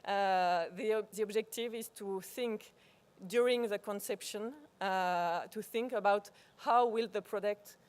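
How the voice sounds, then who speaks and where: A woman whose first language is French, and whose accent shows it, presents a live workshop in a conference room. Her voice sits in the mid range, and she frequently stops to find words and begins phrases again.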